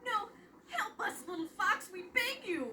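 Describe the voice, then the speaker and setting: A man voicing a shrill, frightened ogre's wife in a squeaky falsetto, pleading. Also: normal speed, slight background noise.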